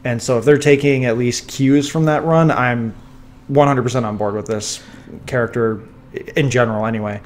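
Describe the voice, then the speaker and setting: A man of middle pitch chats on a podcast from his home, close to a sensitive microphone. He talks eagerly and rambles, restarting sentences, with a dry cough now and then. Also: moderate pace, a little hiss or hum. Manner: enthusiastic, rambling with restarts and fillers. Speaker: podcast co-host. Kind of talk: casual chat. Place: home room. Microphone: sensitive studio mic.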